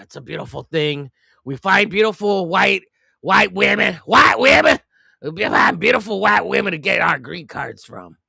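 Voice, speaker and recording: Male stream host, animated rambling talk, slightly high voice, dry close sound. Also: vocal fry, dry recording. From United States. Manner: rambling, crude joking, animated. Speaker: live-stream host drawing comics. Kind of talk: casual rambling chat while drawing.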